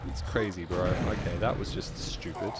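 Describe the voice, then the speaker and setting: A man's voice: deep voice, fairly even intonation, moderate pace, heavy background noise. A man streaming while he plays a game, rambling casually and jokily, swearing often and getting defensive. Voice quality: profane, jokey, defensive.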